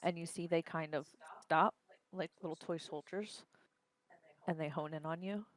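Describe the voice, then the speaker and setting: A woman's voice: low voice, steady tone, moderate pace, low-quality recording. A woman narrating as game master of a tabletop role-playing game, describing scenes at length with many fillers.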